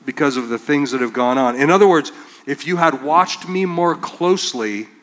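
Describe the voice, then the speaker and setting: A man's voice: on the high side, fairly bright tone. Man preaching in a reverberant hall. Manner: conversational preaching, reads scripture aloud, dramatizes quotes. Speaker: pastor. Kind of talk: sermon.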